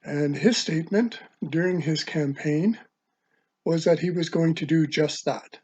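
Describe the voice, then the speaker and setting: A man delivering a religious video sermon, halting with many ums and uhs. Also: a little high, darkish tone, husky. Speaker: online preacher. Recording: dull lo-fi sound.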